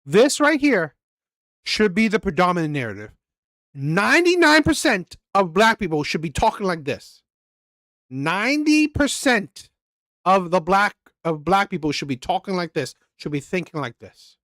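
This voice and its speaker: A man's voice: high voice, big pitch swings, moderate pace, fairly bright tone, no echo, clean studio sound. A man hosting a reaction channel, talking casually in a rambling way, repeating words and asking "right?" often.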